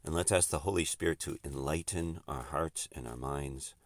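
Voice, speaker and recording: A man preaching a sermon, swinging between emphatic outbursts and hushed, quiet stretches. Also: extremely low pitch, normal speed, no echo.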